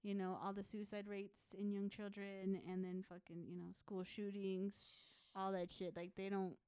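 A woman co-hosting a casual podcast, teasing and quick with jokes and reactions. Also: medium pitch, level tone, dark tone, smooth. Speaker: podcast co-host. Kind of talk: casual chat.

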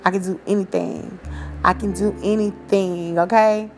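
A woman's voice: medium pitch, steady tone, normal speed, a little mellow, slight background noise. A woman in her thirties hosting a podcast, talking in an encouraging, preachy way with casual slang. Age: 30s. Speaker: podcast host. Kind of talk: motivational podcast monologue.

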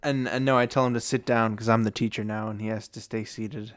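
A man's voice: fairly low pitch, fairly even intonation, fairly quick. A young man co-hosting a comedy podcast, playing along in an improv bit with stumbling restarts and frequent laughter. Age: young adult. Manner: hesitant, giggly, stumbling restarts. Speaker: podcast co-host. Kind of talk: casual improv chat.

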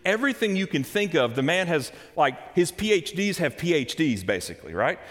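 A pastor preaching a conversational sermon, swinging between loud and soft. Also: male voice, sing-song, a little fast, few pauses. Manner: conversational, dramatic swings in pitch and volume. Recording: long hall reverb.

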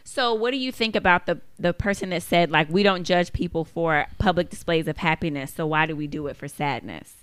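Calm woman with low smooth voice. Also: brisk, few pauses, no room sound. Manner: calm, questioning, affirming. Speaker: podcast co-host. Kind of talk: casual chat.

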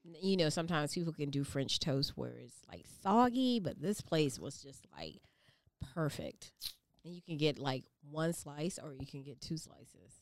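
Low-voiced laid-back woman. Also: lively intonation, moderate pace, no room sound. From Savannah, Georgia. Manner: laid-back, teasing, many fillers. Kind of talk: casual chat.

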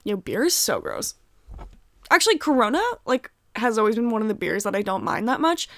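A woman's voice: mid-range voice, big pitch swings, a little fast, no echo, studio quality. A young American woman hosting a casual solo podcast from home, ranting heatedly with heavy swearing and lots of fillers. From United States. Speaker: podcast host.

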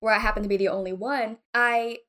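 A woman's voice: a little high, fairly quick. A young woman from Texas, an actress, chatting casually and telling a story with lots of laughter. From Texas, USA. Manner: animated storytelling, acts out other people in squealing voices, laughs often. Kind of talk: casual podcast chat.

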